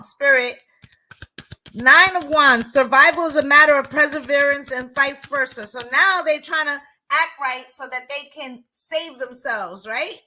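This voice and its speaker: A woman talks through a tarot reading in a loose, emphatic way. She swears freely and keeps asking "right?" Her voice is bright and fairly high. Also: poor audio. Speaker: tarot reader. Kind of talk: casual spoken tarot reading.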